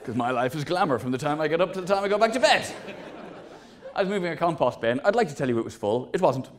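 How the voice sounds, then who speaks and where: A man's voice: a little high, sing-song, fast talker, slight background noise. Self-mocking stand-up comedian man. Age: 40s. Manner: wry, self-mocking storytelling with sweary punchlines.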